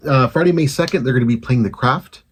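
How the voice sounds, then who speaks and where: A man's voice: medium pitch, a little hiss or hum. A man co-hosting a podcast, chatting casually and running through event details. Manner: brisk, announces event details. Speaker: podcast co-host. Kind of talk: casual chat.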